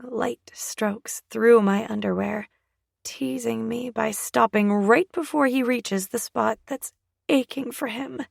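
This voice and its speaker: A woman narrating a first-person romance audiobook in a soft, breathy, often half-whispered voice. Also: medium pitch, dry recording, studio quality.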